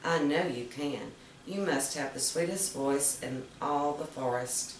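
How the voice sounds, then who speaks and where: A woman's voice: low-pitched, unhurried, a little hiss or hum. Woman doing a sly sweet-talking fox. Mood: flattering. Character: sly flattering male fox. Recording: roomy, distant mic.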